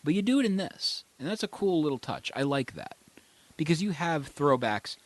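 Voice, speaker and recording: A man's voice: on the high side, expressive, moderate pace. A man hosting a casual movie podcast, giving bold, enthusiastic opinions.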